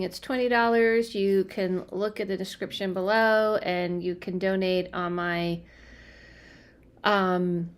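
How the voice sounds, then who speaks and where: A young woman working as a spiritual medium, chatting casually on a livestream from home, scattered and full of fillers and restarts. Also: mid-range voice. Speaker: medium doing live readings. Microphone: phone or webcam livestream.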